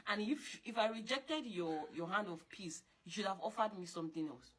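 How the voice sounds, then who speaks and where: A young woman, talking in an animated, scolding way, repeating her points and jumping up in pitch when she insists. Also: normal speed. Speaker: girlfriend in a couple argument. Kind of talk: casual heated monologue.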